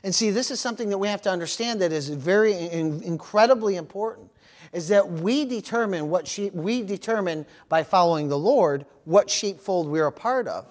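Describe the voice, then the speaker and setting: High-pitched male pastor, storytelling sermon delivery with frequent amens. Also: moderate pace. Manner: animated storytelling with amens and praise interjections.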